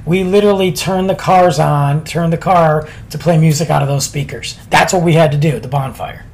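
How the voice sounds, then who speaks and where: A man's voice: on the high side, fairly even intonation, brisk, vocal fry, a little mellow. A man casually telling a story on a podcast, laid-back and chatty with lots of slang.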